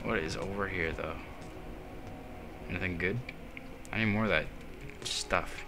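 Low mumbling gamer man with game music. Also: steady tone, moderate pace, gravelly, pauses often. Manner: mumbled asides with sudden loud yelps. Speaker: let's play commentator. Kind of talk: casual gameplay commentary.

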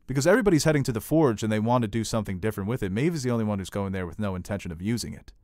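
A man hosting a casual podcast discussion about a TV episode, animated and given to acting out quotes. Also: fairly low pitch, racing, dry recording, studio quality. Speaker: podcast host.

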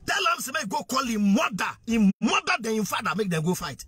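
Speaking to camera, a Ghanaian-accented social media commentator preaches fervently, repeats himself and throws out rhetorical questions, moving freely among Twi, English and pidgin. He has a very high, sing-song, husky voice that sounds pushed and bright, and he talks fairly quickly.

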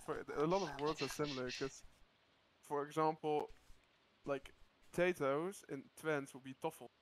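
A man speaking English in a casual game chat, excitable and prone to stumbling over his words. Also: on the high side, moderate pace, low-quality recording. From Netherlands. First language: Dutch.

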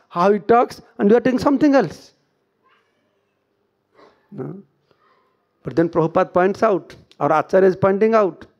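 Man, Indian accent, high-pitched, sermon, quotes Sanskrit verses, rhetorical questions. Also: a little mellow, lo-fi sound. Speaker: monk giving a scripture lecture. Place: temple hall.

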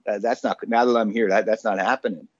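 A man's voice: fairly low pitch, steady tone, fast, lo-fi sound, lightly acted. A man voicing a famous male rock star in a quoted anecdote, offhand and dismissive. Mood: breezy, dismissive. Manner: offhand, brushing things aside.

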